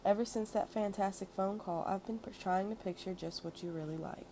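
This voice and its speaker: A woman reading aloud as an elderly, wealthy madam who is kindly and blunt, with a soft, cultured, warm way of talking. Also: mid-range voice, fairly quick, a little hiss or hum, lightly acted, poor audio. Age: older.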